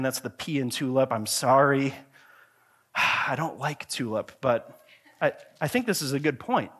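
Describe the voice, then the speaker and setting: A male pastor delivering a sermon in an earnest, conversational way, swinging from quiet, low passages to loud, emphatic questions. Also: husky. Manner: earnest, conversational preaching with frequent restarts.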